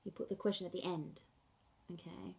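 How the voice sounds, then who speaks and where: A woman teaching a sign language class in a slow, patient way, often checking in with "okay". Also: fairly low pitch, little pitch movement, creaky, warm tone. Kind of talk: classroom lesson.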